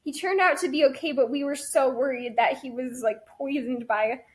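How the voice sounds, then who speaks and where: Young woman podcast co-host; high voice; relaxed storytelling with dry quips. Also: normal speed. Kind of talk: casual podcast chat.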